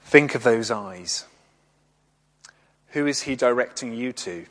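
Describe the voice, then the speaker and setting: A man preaching a gentle, reflective sermon, speaking in short pauses. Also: medium pitch, big-room sound. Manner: gentle, reflective, pausing often.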